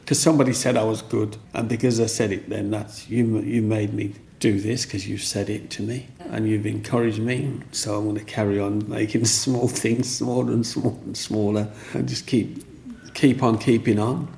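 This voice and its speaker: An older Englishman tells his story with a gravelly, creaky edge. He rambles, restarts and keeps checking that he's understood. Faint noise sits behind him. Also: fairly low pitch, level tone, normal speed, a little mellow. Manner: rambling, with restarts and "you know what I mean". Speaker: interviewee.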